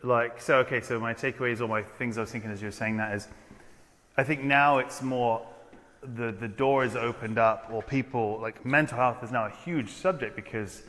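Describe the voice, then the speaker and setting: A man's voice: mid-range voice, steady tone, moderate pace, fairly bright tone, in a large hall. A man in a casual podcast conversation, earnest and rambling, often restarting his sentences.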